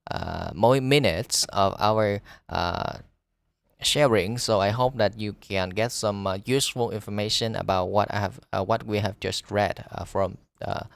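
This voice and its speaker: A man with a Vietnamese accent, a teacher reading an English lesson aloud, pausing often on fillers and restarts. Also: lowish voice, gravelly, no room sound.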